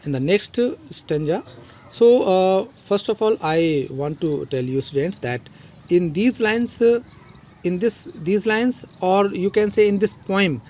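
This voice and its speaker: A man with an Indian English accent, a school teacher slowly explaining a poem line by line with many fillers and restarts. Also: high voice, expressive, darkish tone, highs cut off. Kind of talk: recorded online poetry lesson.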